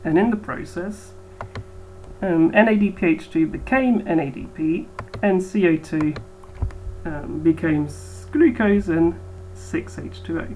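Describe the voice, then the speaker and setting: A woman's voice: on the low side, unhurried, mellow, a little hiss or hum, rough recording. A woman biology teacher giving a recorded lecture, hesitant with frequent ums.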